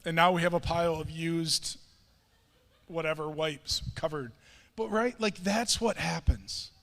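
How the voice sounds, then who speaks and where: High-voiced pastor in a reverberant church. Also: male voice, measured pace. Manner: animated, self-mocking storytelling with quoted voices. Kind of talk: storytelling sermon. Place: church sanctuary. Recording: long reverb of a church hall.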